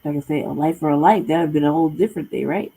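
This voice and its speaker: A woman's voice: deep voice, rapid-fire, vocal fry, dark tone, breathy edge, poor audio. Blunt, profane woman ranting in commentary. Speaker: host. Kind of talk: casual commentary vlog.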